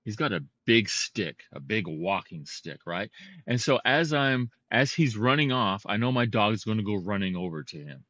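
A man co-hosting a podcast, telling a story in a casual, animated and heated way. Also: on the low side, normal speed, no echo, lo-fi sound. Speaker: podcast co-host.

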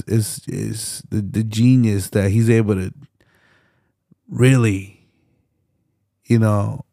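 Low, dark and gravelly with fry, a young podcast host talks slowly on his solo show, rambling with passion, restarting sentences, using fillers and cursing freely. The recording is close and dry, without echo.

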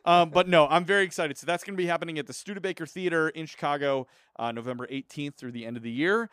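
A man in his thirties co-hosting a holiday podcast, chatting with animated enthusiasm. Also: fairly high pitch, fast talker, no echo, studio quality. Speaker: podcast co-host. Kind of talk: casual chat.

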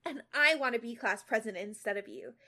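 A sly teenage bully with a high, sugary voice that turns cutting, drawing out each line, as a young woman puts her on. Read aloud casually from a fan story. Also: brisk, bright, forceful tone. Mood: sneering.

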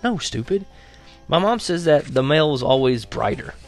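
A man's voice: a little high, very animated, moderate pace, soft background music, voice pushed up. A man voicing a cocky teenage boy who is the narrator's best friend, offhand and teasing.

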